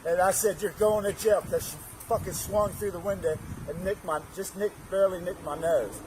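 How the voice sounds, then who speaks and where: A man with a high voice tells police what happened, agitated and swearing as he trips over his words. He is recorded outdoors on a street by an officer's bodycam. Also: steady tone, normal speed, background noise. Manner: agitated, profane, stumbling restarts. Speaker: witness. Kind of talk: excited retelling to police.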